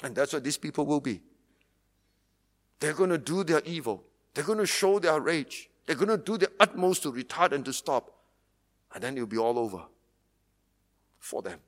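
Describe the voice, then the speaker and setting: A man's voice: fairly high pitch, a bit bright, long reverb tail. A man from Singapore, preaching a sermon as pastor with earnest, emphatic repetition.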